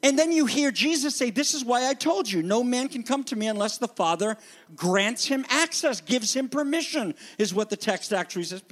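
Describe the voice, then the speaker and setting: A man preaching a sermon as pastor, animated and conversational, acting out the voices he quotes. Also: very high-pitched, normal speed, big-room sound.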